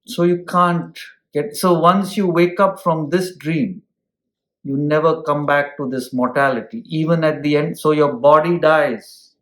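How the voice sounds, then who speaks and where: Guy giving a scripture talk, kinda high voice, lots of "hmm?", roomy echo. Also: fairly even intonation, unhurried, a bit bright. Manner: explains with homely examples and asks listeners "hmm?". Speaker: spiritual teacher. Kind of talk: scripture lecture.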